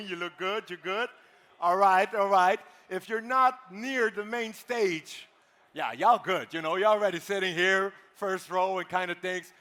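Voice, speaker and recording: A high-voiced man working a conference crowd from the main stage, bantering playfully and calling out instructions. His voice rings with the long reverb of a big hall. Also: unhurried, bright, forceful tone. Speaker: event host. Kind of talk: live stage hosting.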